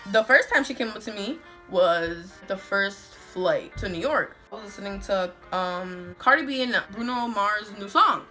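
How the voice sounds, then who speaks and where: A woman's voice: mid-range voice, moderate pace, hardly any pauses, soft background music. Woman vlogger ranting a story, voice jumps all over, cusses a lot. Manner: animated, profane, slangy storytelling. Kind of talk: storytime vlog.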